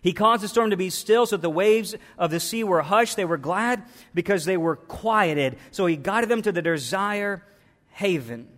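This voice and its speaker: Male pastor, high voice, fervent sermon, echoing church hall. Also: moderate pace. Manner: builds from soft reflection to loud fervent preaching. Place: church sanctuary.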